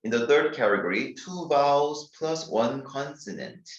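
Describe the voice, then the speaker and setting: A man with a Korean accent teaching English spelling, talking slowly and deliberately and spelling words out letter by letter. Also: medium pitch, expressive. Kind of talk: grammar lecture. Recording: distant, dull, echoey room recording.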